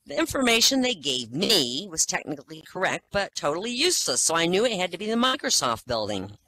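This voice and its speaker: A man's voice: high-pitched, sing-song, brisk, bright, forceful tone, full character voice, rough recording. A man voicing a smug helicopter pilot who explains himself in a spoken joke.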